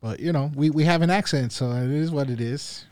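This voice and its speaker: A man's voice: a little high, fairly quick, a little mellow, dry recording. A man with a New York accent, joking and cursing as he co-hosts a casual chat. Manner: joking, profane, interjecting. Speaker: podcast co-host.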